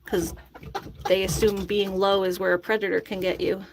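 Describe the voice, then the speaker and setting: A woman's voice: medium pitch, little pitch movement, normal speed, noisy background. A woman chatting casually and coaxing her chickens to drink by their coop outdoors, laughing often. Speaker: chicken keeper vlogger.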